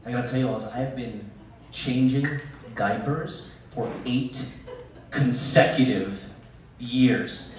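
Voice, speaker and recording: A man in his thirties doing a stand-up comedy set on a talent show stage, telling exaggerated stories with deadpan asides. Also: mid-range voice, slow pace, over a noisy crowd, heavy background noise. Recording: echoey hall, mic from a distance.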